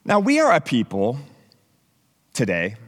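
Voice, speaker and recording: Animated male pastor in a reverberant hall. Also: mid-range voice, a little slow. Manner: animated, conversational preaching with asides. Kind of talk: sermon.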